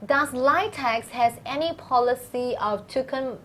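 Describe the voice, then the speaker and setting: A woman's voice: sits high, measured pace, a bit bright. Chatty woman hosting a live Q&A. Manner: chatty, playful, laughs often. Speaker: host.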